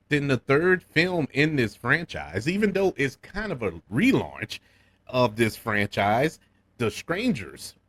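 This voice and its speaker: A man with a New Orleans accent talks through a movie review in a loose, conversational way. His pitch swings widely and lively as he goes. He stammers on repeated words and laughs now and then. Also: dry recording. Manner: animated, repeats words when restarting, chuckles often. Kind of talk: casual film review.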